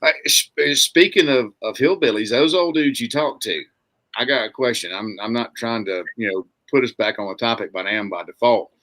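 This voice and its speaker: A man's voice: medium pitch, normal speed, sharp tone, low-quality recording. A man co-hosting a live podcast, joking around in casual banter and dropping into mock accents for laughs. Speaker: podcast co-host.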